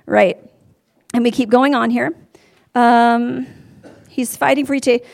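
Woman preacher, high voice, lively and earnest sermon delivery. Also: moderate pace, creaky. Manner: animated, earnest, talks straight to the listeners.

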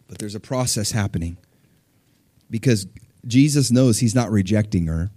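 A man preaching a sermon, retelling scripture in an animated way, swinging between hushed and loud and laughing often. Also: fairly low pitch, normal speed. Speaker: pastor.

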